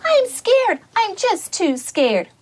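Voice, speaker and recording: A woman voicing a small, timid boy duckling in a high, squeaky voice while reading a storybook aloud. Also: sing-song, unhurried, heavily acted. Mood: scared. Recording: noisy classroom recording.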